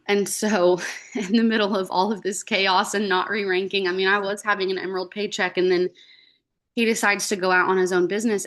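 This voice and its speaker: A woman speaking over a video call, telling her own story in a loose, chatty way. Her pitch sits in a middle range, and she fills her speech with "like" and "um." She slips into the voices of her past self when she quotes them. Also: fairly bright tone. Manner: chatty, frequent "like" and "um", acts out quoted dialogue. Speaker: guest speaker. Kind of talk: casual personal story on a team call.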